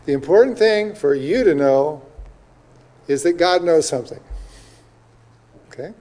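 A man preaching a sermon, reading scripture slowly and often checking in with the listeners with "okay?" and "right?". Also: on the high side, expressive, dark tone. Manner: reads scripture aloud slowly with emphasis. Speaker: pastor. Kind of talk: sermon, Bible teaching.

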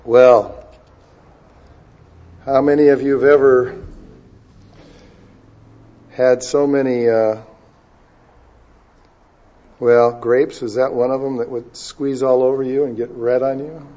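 Man preaching with dramatic loud-soft swings. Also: mid-range voice, level tone. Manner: dramatic swings between loud emphasis and quiet asides; stretches key words slowly for emphasis. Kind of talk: sermon. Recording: dull lo-fi recording.

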